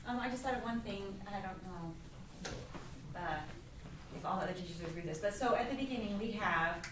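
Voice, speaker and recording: A woman's voice: medium pitch, a little fast, background noise. Female masterclass teacher, tentative phrasing, reverberant distant sound. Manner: hesitant, thinking aloud. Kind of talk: coaching a string quartet. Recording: echoey hall from far off.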